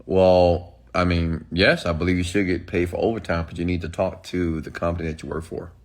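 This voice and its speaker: A deep-voiced man speaks briskly with a level tone, ranting emphatically during a live stream. Between replies to chat, he preaches to followers and keeps tossing in "okay?"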